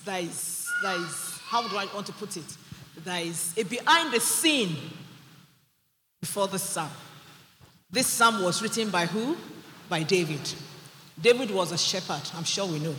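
A woman's voice: medium pitch, fairly bright tone. A Nigerian woman pastor preaching a sermon, fervent and emphatic, with frequent hallelujahs. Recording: echoey hall with faint background noise.

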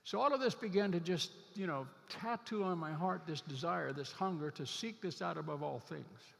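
Male pastor, slightly high voice, earnest sermon delivery with drawn-out emphasis; long hall reverb. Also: gravelly, a bit bright. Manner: earnest, stretches out key scripture words for emphasis.

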